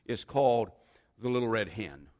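Brief: chatty male pastor preaching a sermon, animated intonation, long reverb in a church. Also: fairly low pitch, normal speed. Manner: rambling with joking asides.

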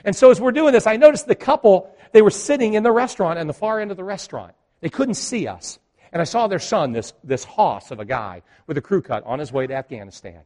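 A male pastor telling a story in a sermon, swinging between loud and hushed and joking with the congregation. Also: high voice, lively intonation, fast talker. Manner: jokes with the congregation.

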